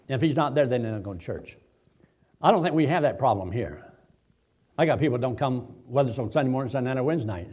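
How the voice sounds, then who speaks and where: A pastor delivers a sermon in a high, tenor-ranged voice. His pitch leaps and falls constantly. He swings from hushed asides to loud, emphatic declarations. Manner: preaching with dramatic swings in loudness and emphasis.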